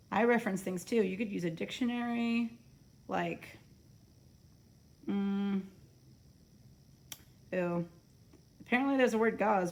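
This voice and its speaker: Teaching a phonics lesson from home during quarantine, a young woman speaks in a gravelly, medium-pitched voice. She thinks aloud and sounds out words to encourage her students.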